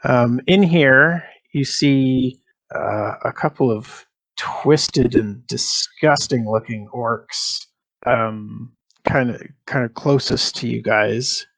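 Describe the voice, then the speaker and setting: A man's voice: medium pitch, takes it slowly, vocal fry, a bit bright, rough recording. A man narrating a tabletop game as game master, with frequent filler sounds. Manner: hesitant, many fillers.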